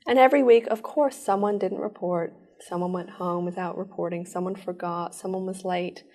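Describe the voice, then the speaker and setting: A woman giving an earnest personal account in an interview, telling it in rushed bursts. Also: lowish voice, fairly even intonation, a little mellow. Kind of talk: personal testimony.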